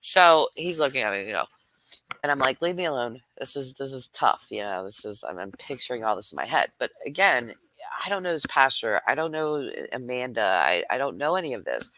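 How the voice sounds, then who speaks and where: A man talks casually to his viewers while fighting back tears, rambling and poking fun at himself. His voice is bright and forceful, recorded close and dry. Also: mid-range voice, sing-song, fairly quick, no echo. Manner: tearful, rambling, self-deprecating. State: near tears. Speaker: host reacting to videos. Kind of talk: casual emotional commentary.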